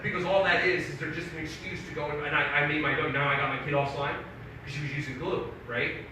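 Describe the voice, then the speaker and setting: A middle-aged male stand-up comedian with a high voice, telling profane, animated stories full of acted-out quotes. He sounds distant and echoey, as if picked up from across a big theater hall. Audience noise sits clearly underneath. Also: fast talker. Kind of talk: live stand-up set. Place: live theater stage.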